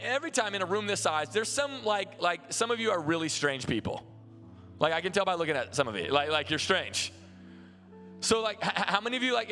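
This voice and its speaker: A man's voice: high-pitched, long reverb tail. A man preaching a sermon as pastor, telling stories in a loose, conversational way with lots of restarts, recorded live in a large church. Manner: conversational, animated storytelling with many restarts.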